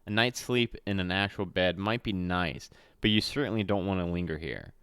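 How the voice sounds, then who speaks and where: A man's voice: low voice, moderate pace, fairly bright tone, clean tone, no echo. A man reading a solo adventure aloud as game master. He stumbles and corrects himself often and drops in chatty asides. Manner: reads with slips and self-corrections, chatty asides.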